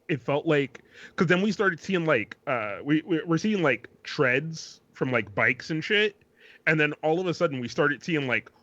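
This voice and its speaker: A man's voice: on the high side, a bit bright, no room sound, dull audio. A man co-hosting a casual podcast, rambling, swearing freely and restarting his sentences. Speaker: podcast co-host.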